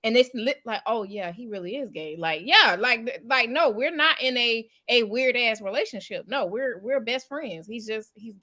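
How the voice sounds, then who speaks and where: Bright animated woman chatting. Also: a little high. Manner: animated storyteller, quick bursts. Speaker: podcast co-host. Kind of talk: casual chat.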